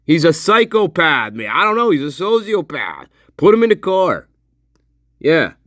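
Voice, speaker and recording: A man's voice: on the high side, wildly swooping pitch, measured pace, long pauses, a bit bright, dry recording, studio quality. A man giving sarcastic, profane casual commentary over video footage, laughing often. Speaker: online commentator.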